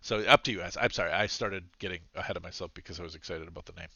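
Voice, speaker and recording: A man's voice: deep voice, very fast, vocal fry, pushed and bright, no echo, lo-fi sound. A man narrating as game master in a rambling, self-deprecating way, laughing often.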